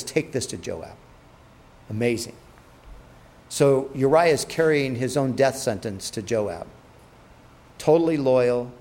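A man preaching, retelling a Bible story with animated delivery and acted-out quotes. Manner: animated, acts out quotes with rising and dropping pitch. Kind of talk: sermon storytelling.

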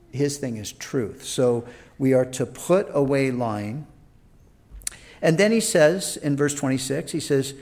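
A man's voice: a little high, a little mellow. A man preaching a sermon in a conversational way, acting out prayers and inner dialogue. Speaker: pastor.

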